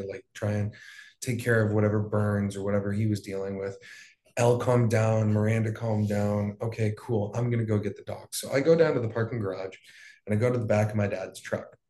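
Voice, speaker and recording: A man's voice: on the low side, warm tone. Profane young man in an echoey room. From Hawaii. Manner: loose, profane, rambling with fillers. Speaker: wildfire survivor guest. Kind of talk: casual storytelling.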